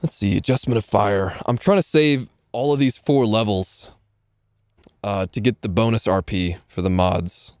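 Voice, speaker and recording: A man's voice: lowish voice, moderate pace, a little mellow, no room sound, clean studio sound. A man giving casual, joking live commentary while playing a game. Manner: joking, sarcastic, laughs often. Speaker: gaming livestreamer.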